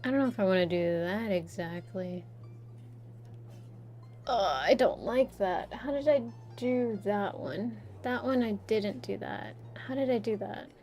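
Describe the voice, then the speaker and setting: A woman's voice: mid-range voice, a little slow, a little mellow, faint music behind. A young adult woman streamer who chats casually while drawing, rambling and self-deprecating and laughing often.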